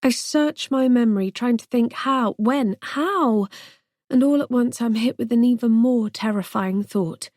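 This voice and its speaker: A woman narrating a first-person thriller audiobook in a tense, measured way. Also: on the high side, a little mellow, dry recording, studio quality.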